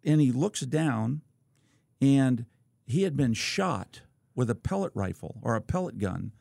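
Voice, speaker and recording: Ex-quarterback co-host, sixties, gravelly, loose rambling storyteller. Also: male voice, mid-range voice, animated, unhurried, mellow, dry recording. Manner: rambling anecdotes with fillers. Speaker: podcast co-host, former quarterback. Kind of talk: casual storytelling chat.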